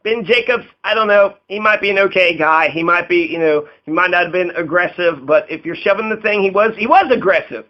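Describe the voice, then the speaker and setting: A man's voice: sits high, a little fast, few pauses. A man giving casual political commentary, rambling and profane, laughing often and acting out quotes in a raised voice. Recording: dull lo-fi audio.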